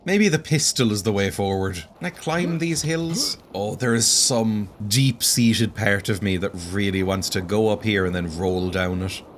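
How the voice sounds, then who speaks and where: A man's voice: fairly low pitch, measured pace, few pauses, a little hiss or hum. An Irish man in his late twenties giving chatty, self-mocking commentary while he plays a game and often breaks into exclamations. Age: late 20s. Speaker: let's play host. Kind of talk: gameplay commentary.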